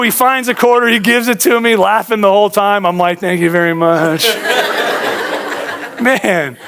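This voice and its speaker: A man's voice: high voice, a bit bright. A man preaching a sermon as pastor in a church, talking casually to the congregation and telling stories. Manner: conversational storytelling preacher, addresses audience as guys.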